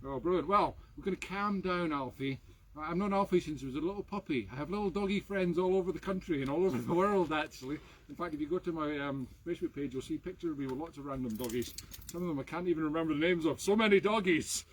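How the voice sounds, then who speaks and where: A Scottish man hosting a live music stream, joking playfully and mocking himself. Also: fast. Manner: playful, self-mocking, with sudden high squeals at the dog. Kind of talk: jokey live-stream banter. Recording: noisy background.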